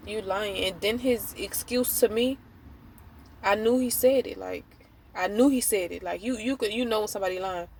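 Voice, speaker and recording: A woman's voice: mid-range voice, a little mellow. A young woman, telling a storytime to camera in a casual, blunt way with free swearing. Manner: chatty, blunt, swears freely. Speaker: vlogger. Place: small room at home with a window.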